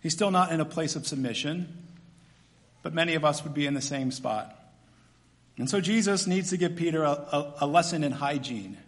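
High-voiced preacher in an echoey hall. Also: male voice, moderate pace. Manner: animated, swings from loud emphatic to quiet and soft. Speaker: pastor. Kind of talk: sermon. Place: church hall with long reverb.

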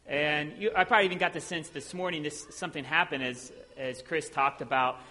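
A man from Ohio preaching as a visiting preacher, talking in a relaxed, self-deprecating way with plenty of ums. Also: fairly high pitch, fairly quick. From Ohio, USA. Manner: conversational and self-deprecating, with many filler sounds. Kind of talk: sermon. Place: church sanctuary. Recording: long hall reverb in a church.

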